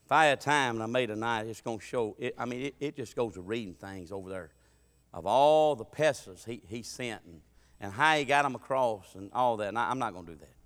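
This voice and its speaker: A man preaching a sermon with humorous stories, folksy and full of dialect, swinging from loud preaching to quiet asides. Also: mid-range voice, brisk. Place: church sanctuary. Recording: reverberant church sanctuary.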